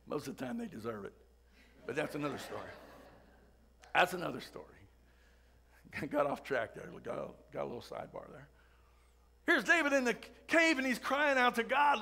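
A man's voice: sits high, lively intonation, normal speed, vocal fry, pushed and bright. A man preaching a Sunday sermon in a church, chatty and full of asides and jokes. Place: church sanctuary.

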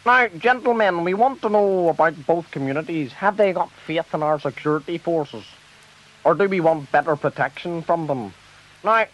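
A man playing a high-voiced fussy debate presenter. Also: natural voice. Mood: scolding. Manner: fussy, scolding interviewer. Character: flustered middle-aged male TV debate presenter. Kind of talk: comic radio sketch. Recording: dull lo-fi tape.

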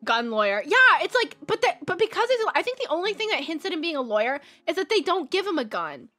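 Her voice very high-pitched and very animated, a woman streamer talks at a quick pace while drawing. She rambles and giggles in a Valley Girl accent, leaning heavily on "like," over soft background music.

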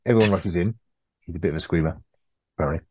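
A man's voice: low-pitched, racing, noisy background. A man co-hosting a podcast, recapping an episode in a laid-back, chatty way with fillers and laughs. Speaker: podcast co-host. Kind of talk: casual chat recapping an episode.

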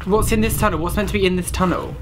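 A man's voice: sits high, fairly even intonation, fast, heavy background noise. A young man commenting on a horror game he is playing, jumpy and panicky, exclaiming and swearing often. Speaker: gaming channel host.

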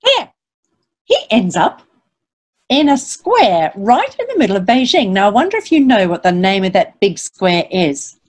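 A woman who writes children's books reads a picture book aloud to kids, playing the lively storyteller. Her voice sits at a medium pitch and moves at a moderate pace, bouncing through rhyming verse in a sing-song way and stopping to ask her listeners questions.

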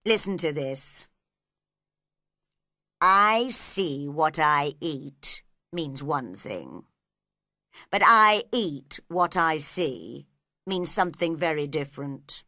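A woman voicing an odd, blunt male Hatter in a storybook, slow and deliberate. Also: sits low, lively intonation, bright, forceful tone, no room sound, studio quality, voice pushed down, full character voice.

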